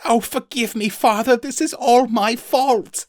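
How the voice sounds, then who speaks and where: A man's voice: very high voice, slow, darkish tone, dry recording, studio quality, voice pushed up. A man voicing a desperate young sky pirate who cries out and pleads with his father. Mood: pleading. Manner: pleading and crying out.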